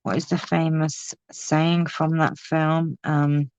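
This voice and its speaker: A woman's voice: low-pitched, level tone, takes it slowly, a little mellow, no room sound, highs cut off. A woman chatting casually while crafting on a live video, talking exclaimingly and laughing often. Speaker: crafting vlogger.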